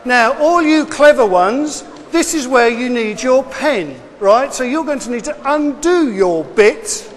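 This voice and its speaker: A man teaches a class of children, talking them through each step and repeating himself in a brisk, encouraging way. His voice sits very high, and he speaks slowly and deliberately. The sound carries a long, hall-like reverb. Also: animated, slight background noise. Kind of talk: classroom instruction.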